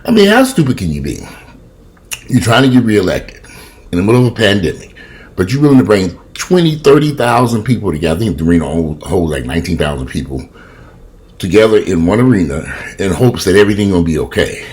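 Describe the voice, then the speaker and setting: Deep-voiced, animated man in his fifties ranting. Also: quick pace. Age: 50s. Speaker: vlogger. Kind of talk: casual commentary vlog. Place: his home kitchen.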